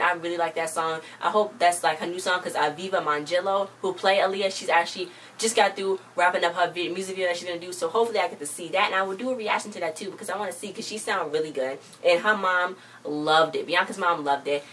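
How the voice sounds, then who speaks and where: A woman's voice: fairly low pitch, a bit bright. A young woman vlogger casually recapping a TV episode, rambling and quoting the characters one after another. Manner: rambling, quotes characters in quick succession. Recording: distant mic with faint background noise.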